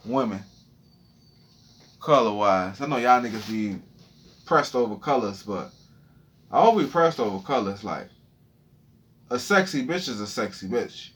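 Excitable man telling a crude story. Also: unhurried, pauses often, slightly rough. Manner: crude, excitable, repeats words and phrases; voice jumps high when reliving panic. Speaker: podcast host. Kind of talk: freestyle storytelling monologue.

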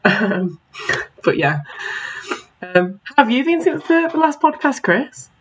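A woman's voice: fairly high pitch, big pitch swings, rough recording. Woman, podcast co-host, playful, giggly, casual chat. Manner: playful, giggly, quick to laugh.

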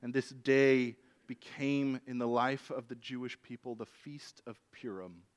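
Man, preacher, sermon storytelling, conversational, animated, average pitch. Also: a little slow, clear, resonant tone.

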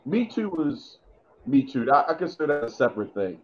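A man's voice: on the high side, big pitch swings, fairly quick. Rambling male podcast co-host. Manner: rambling, thinks aloud with many fillers. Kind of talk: casual chat about wrestling. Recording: muffled lo-fi audio.

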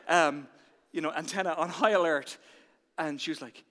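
Irish pastor guy, high bright voice, animated sermon, hushed then loud, big reverby church hall. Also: normal speed. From Ireland.

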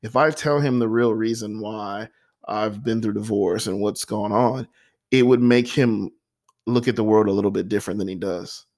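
Man, low voice, earnest, heartfelt, repeats words, personal motivational talk. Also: gravelly, a little mellow. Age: adult with a nine-year-old son. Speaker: podcast host.

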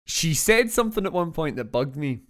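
A man's voice: fairly high pitch, big pitch swings, a little fast, fairly bright tone. Rambling, jokey Scottish man. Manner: rambling, jokey, lots of fillers. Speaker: podcast co-host. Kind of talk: casual film chat.

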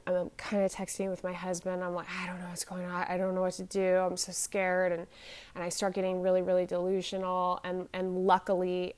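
A woman in her forties, somewhat low-pitched, recounts a personal ordeal straight to the camera. Her speech stumbles and restarts constantly, with fillers between the halting phrases. She sounds shaken and anxious as she goes on. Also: smooth. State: shaken and anxious while telling it. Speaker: vlogger. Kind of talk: personal storytelling.

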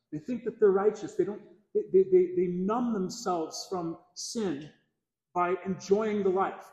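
A man's voice: sits high, mellow. A man preaching a sermon as pastor, earnest, repeating key phrases for emphasis, recorded in a church. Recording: echoey church hall, long reverb.

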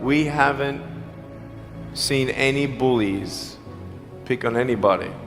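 A man's voice: mid-range voice, slow. A man giving a motivational speech to school students, emphatic and repetitive, speaking straight to the audience. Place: school hall. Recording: long hall reverb, faint music.

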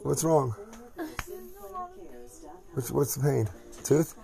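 A man's voice: medium pitch, drawn-out words, vocal fry, dark tone. A man hosting a casual podcast chat at home, crude and joking, rambling from one thing to the next. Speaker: podcast host.

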